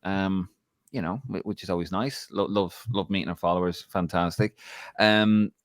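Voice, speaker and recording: A man's voice: low-pitched, fairly even intonation, moderate pace, no room sound, studio quality. An Irish man co-hosting a live show, chatting and bantering in a cheeky, jokey way. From Ireland. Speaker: podcast co-host. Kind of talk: casual live show chat.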